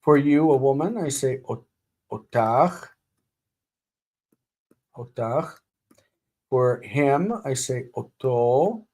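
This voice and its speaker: A man teaching a live-streamed grammar lesson, speaking deliberately and repeating words for students to drill. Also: medium pitch, expressive, mellow. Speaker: Hebrew teacher.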